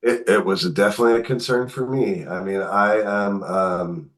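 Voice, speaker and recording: A man's voice: lowish voice, moderate pace. A middle-aged man, a guest author, telling a long personal story in conversation and acting out the voices of the people in it. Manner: animated, acts out quotes in his telling.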